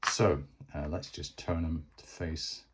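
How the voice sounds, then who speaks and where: A man's voice: very deep voice, steady tone, slow, very noisy. A man narrating a solo board game, chatty and thinking aloud as he plays.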